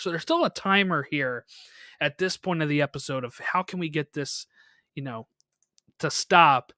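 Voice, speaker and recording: Bright, upbeat man recapping a show. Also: on the high side, clean tone, no echo, clean studio sound. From United States. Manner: rambling, laughs often, many fillers. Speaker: podcast co-host. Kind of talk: casual episode recap chat.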